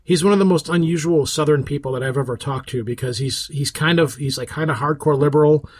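A man's voice: a little high, fast. A man hosting a podcast in casual, rambling chat, often restarting his sentences. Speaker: podcast host.

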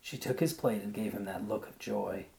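Brief: a lower-voiced man reading a short story aloud, then reflecting on it in a thoughtful way. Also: normal speed, gravelly, a little mellow. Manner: thoughtful, searching for words. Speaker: reader.

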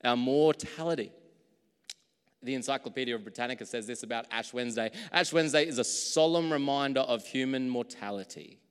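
A man preaching a sermon as pastor, in a relaxed conversational way that pokes fun at his own slips. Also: mid-range voice, fast talker, few pauses, smooth, in a large hall.

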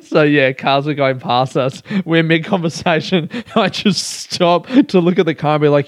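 Young man, candid podcast rant, swears a lot, smooth clear voice, dry close sound. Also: a little high, moderate pace, hardly any pauses, no echo. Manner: rambling and profane, laughing at himself. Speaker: podcast host. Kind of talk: candid solo podcast monologue.

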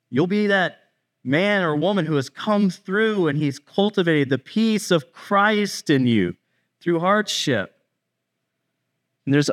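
A male pastor giving a conversational sermon. He talks straight to the congregation, kids included, and acts out bits of dialogue in quick asides. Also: mid-range voice, fairly bright tone. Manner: speaks directly to kids in the congregation.

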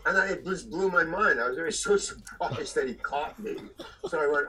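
An older man, an actor being interviewed, telling stories in a halting way with restarts and chuckles. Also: a little high, animated, bright, forceful tone, rough recording. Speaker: actor guest. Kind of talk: anecdotal storytelling.

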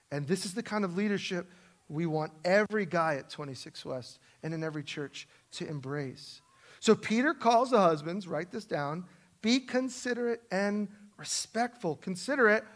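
A middle-aged man preaching a sermon in a church, emphatic and self-deprecating, swinging from loud stresses to soft asides. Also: high voice. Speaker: pastor. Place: church sanctuary.

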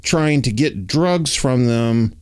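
A man recounts a personal story in casual conversation, speaking slowly in a clear, resonant voice. He's animated, raising his pitch to act out dialogue and leaning heavily on fillers like "like" and "you know."

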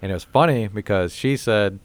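A man with a fairly low voice tells a rambling story in casual conversation. He swears freely and circles back over his points. The sound is dry and close, with no room around it. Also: brisk, dry recording. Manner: profane, rambling storyteller who acts out the people he quotes. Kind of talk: casual chat.

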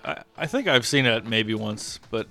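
A man's voice: lowish voice, expressive, normal speed, creaky, pushed and bright, faint music behind. A man on a podcast chatting casually, often hesitating and trailing off mid-thought. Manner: hesitant, trails off, many restarts. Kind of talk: casual chat.

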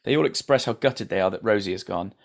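Gravelly podcast host. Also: male voice, lowish voice, quick pace. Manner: sweary, laughing, recaps episode. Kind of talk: casual recap chat.

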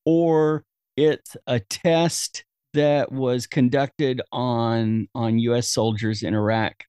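A man's voice: medium pitch, fairly even intonation, slow, a little mellow, smooth, no echo, studio quality. A man hosting a casual film review chat, summarizing the plot with wry jokes. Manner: summarizing, wry, laughs easily. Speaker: podcast host.

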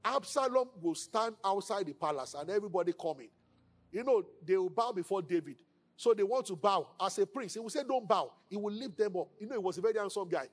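In a high voice, a man with a Nigerian accent delivers a sermon as a pastor. His preaching is animated, and he voices quoted speakers in hushed tones.

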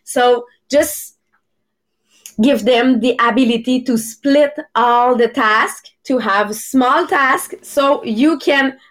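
Slow-talking woman host. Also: high-pitched, a bit bright. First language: French. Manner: unhurried, halting, searching for English words. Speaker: podcast host. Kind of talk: casual live podcast talk. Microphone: video call.

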